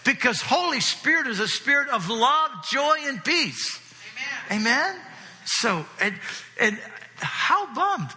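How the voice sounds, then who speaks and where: Male pastor with a high, very bright voice, delivering an animated, chatty sermon in a large reverberant hall. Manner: animated, conversational, often asks the audience "right?". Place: church hall with a congregation.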